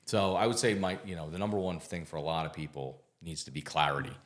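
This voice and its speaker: A man's voice: low voice, fairly even intonation, quick pace. A man talking as a podcast guest in casual conversation, telling candid stories with lots of filler words and the odd swear.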